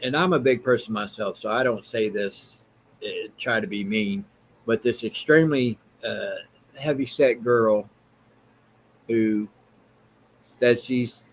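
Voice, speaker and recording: A man's voice: mid-range voice, a little hiss or hum, poor audio. A man with a Southern US accent hosting a vlog, giving blunt, rambling opinion commentary in a plain-spoken way. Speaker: vlog host.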